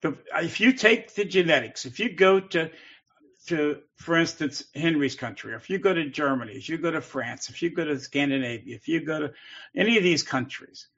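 Co-host, male, emphatic and heated, slightly high voice, dull lo-fi audio. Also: normal speed, a bit bright. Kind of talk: call-in show talk.

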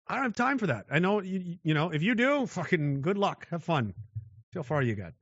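A man's voice: sits high, big pitch swings, fairly quick, no room sound, muffled recording. A man delivering a blunt, aggressive monologue rant, mocking those who show mercy.

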